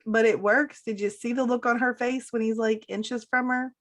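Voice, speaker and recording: A woman's voice: on the high side, steady tone, moderate pace, fairly bright tone. A woman co-hosting a casual chat about a TV show, playful, with short agreeing replies and wry asides. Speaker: podcast co-host.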